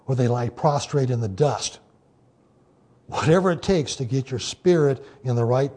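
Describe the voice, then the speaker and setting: Man, sermon, mellow husky voice, conversational teaching, frequent "okay". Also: medium pitch. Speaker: pastor.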